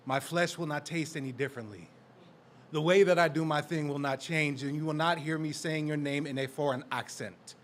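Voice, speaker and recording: A man performing spoken word poetry at an indoor open mic, confrontational and profane, dropping to low asides and rising to shouted lines.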